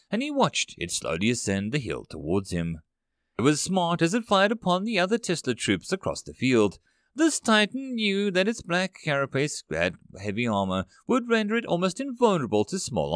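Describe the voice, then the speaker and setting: A man narrating a sci-fi story as an audiobook, dramatic and expressive. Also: a little high, no room sound, studio quality.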